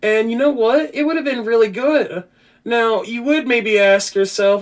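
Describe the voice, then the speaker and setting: A man's voice: very high voice, a little slow. A man hosting a podcast, casually reviewing a film in a rambling, profane way with frequent restarts. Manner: grows loud and animated. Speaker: podcast host.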